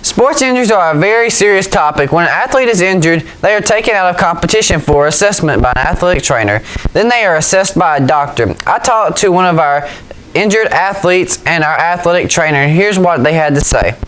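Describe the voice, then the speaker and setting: A teenage boy reading a scripted news report in an even, read-aloud manner. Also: high voice, a little fast, poor audio. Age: teens. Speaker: student reporter.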